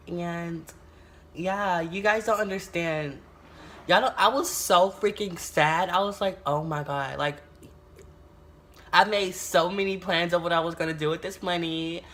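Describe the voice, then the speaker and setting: A young adult woman from the United States tells a storytime vlog in a casual, animated way, swearing often and exclaiming a lot. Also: on the low side, measured pace, slight background noise. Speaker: YouTuber.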